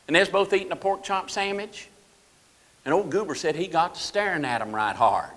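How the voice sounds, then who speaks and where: A man's voice: high-pitched, fairly bright tone. A man impersonating a jittery, boastful small-town deputy, telling folksy yarns for laughs in a Southern drawl. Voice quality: folksy drawl, tells yarns and quotes others. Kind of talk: comedic stage monologue. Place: banquet hall. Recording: echoey hall.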